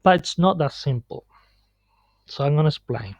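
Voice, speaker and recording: A man teaching pronunciation on a screen recording, explaining slowly with many pauses and fillers. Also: fairly high pitch, expressive, vocal fry, no room sound. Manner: slow, halting explanation with many fillers and restarts. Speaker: Spanish teacher. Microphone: computer mic on a screen recording. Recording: dull lo-fi screencast audio.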